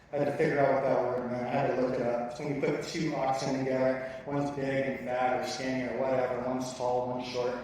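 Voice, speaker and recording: A man gives a heartfelt church testimony, speaking earnestly and sometimes haltingly as he recounts his story. His voice sits in the middle range and rings through a large, very echoey hall with a long reverb tail. He sounds set well back from the microphone, with faint ambient noise under him. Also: medium pitch, darkish tone, far from the mic. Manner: earnest, emotional, halting delivery.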